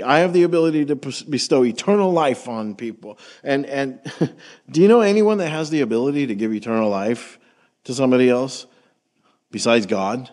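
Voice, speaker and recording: A man preaching a sermon in a relaxed, conversational way, reading scripture and asking the congregation questions. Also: mid-range voice. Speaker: pastor.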